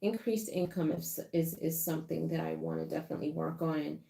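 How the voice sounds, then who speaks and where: A woman's voice: low-pitched, a little fast, creaky, warm tone, reverberant. A young adult woman co-hosting a channel, talking casually to viewers in a thoughtful, hesitant way with many fillers. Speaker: co-host.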